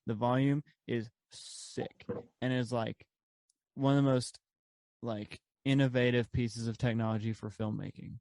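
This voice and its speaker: A man's voice: mid-range voice, steady tone, unhurried, darkish tone, dry recording. A man co-hosting a podcast in casual chat, rambling with lots of fillers and laughs. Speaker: podcast co-host.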